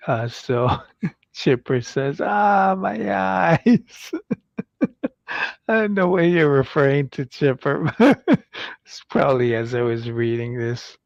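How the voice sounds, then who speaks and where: A man's voice: mid-range voice, slow, no echo, dull audio. A man hosting a casual toy-review livestream, rambling with fillers and restarts as he reads product copy aloud. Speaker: livestream host.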